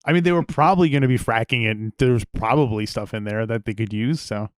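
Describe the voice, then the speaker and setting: A man in casual comedic podcast chat, posing earnest, deadpan what-ifs. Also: mid-range voice, fast talker, no room sound, clean studio sound. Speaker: podcast co-host.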